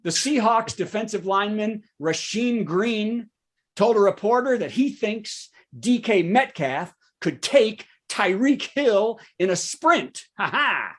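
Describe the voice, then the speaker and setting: A man, a comedian hosting a virtual show with a topical news monologue and quick asides to the audience. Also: high voice, animated. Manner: joking asides, checks in with the audience. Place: home setup for a virtual show.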